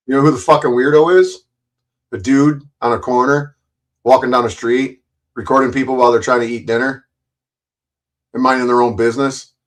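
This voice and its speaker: A man's voice: medium pitch, fairly even intonation, fairly quick, long pauses. A man doing angry ranting commentary on a livestream, profane and confrontational, often stumbling and repeating words. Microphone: streaming mic.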